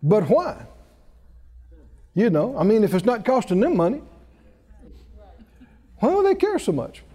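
A man's voice: sits high, wildly swooping pitch, unhurried, warm tone, husky. A male preacher delivering a sermon, telling a story with laughter and rising exclamations. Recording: reverberant hall.

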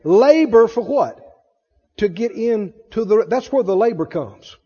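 High-voiced, emphatic male preacher. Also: animated, unhurried, dark tone, slightly rough, in a large hall, dull audio. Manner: emphatic, call-and-response, acts out voices. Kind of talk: sermon.

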